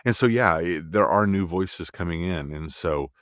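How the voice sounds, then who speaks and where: Middle-aged Southern-raised narrator guest, booming low voice, halting and restarting, dry close sound. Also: male voice, fairly bright tone, no echo. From American South. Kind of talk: casual interview chat.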